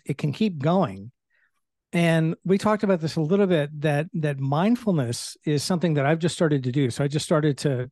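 A man's voice: fairly high pitch, a little mellow, no echo, clean studio sound. A middle-aged man, a leadership trainer, explaining in casual conversation with everyday examples and candor about his own temper.

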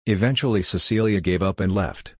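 Low husky male audiobook narrator. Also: brisk, no room sound, studio quality.

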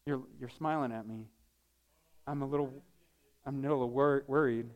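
A man's voice: mid-range voice, fairly even intonation, moderate pace. A male pastor preaching a sermon in a casual, joking way, often restarting his sentences.

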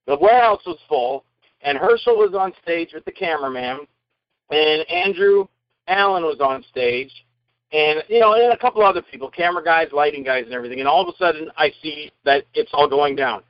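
A man, an actor being interviewed, telling animated and rambling anecdotes in casual conversation. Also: on the high side, a little fast, dry recording, muffled recording. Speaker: guest actor.

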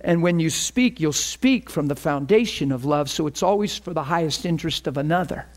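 High-pitched animated male preacher. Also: brisk. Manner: animated, acts out phone calls with rising pitch. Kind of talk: storytelling sermon.

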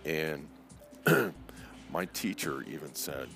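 Speaking slowly and unhurriedly in a very deep, gravelly voice, a man tells a story in a casual spoken way. He is animated, acting out quoted voices of the people in it, with lively pitch that swings up and down. Clear music plays behind him.

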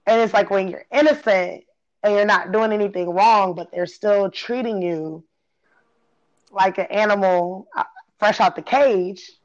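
A woman in her thirties from Illinois tells a story in a lively, loose way. She laughs often, swears freely and slips into the voices of the people in it. Her voice has a middle pitch, and the recording sounds dull and lo-fi. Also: a little slow. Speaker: guest telling her story. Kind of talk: casual storytelling.

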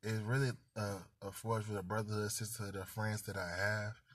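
A man's voice: on the low side, level tone, a little fast, dry recording. A man hosting a casual podcast from a parked car, telling stories in a laid-back, slangy way. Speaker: podcast host. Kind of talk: casual chat.

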